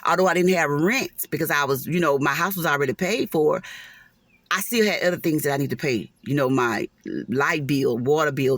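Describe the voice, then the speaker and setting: A woman's voice: low-pitched, fairly bright tone, no room sound. A woman, telling an emotional personal story to viewers in a casual vlog, with churchy asides.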